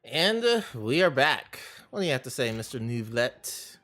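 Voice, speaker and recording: Sarcastic streamer, lively pitch, game music under the talk. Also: moderate pace. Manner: dry, sarcastic asides. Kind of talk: casual gameplay commentary.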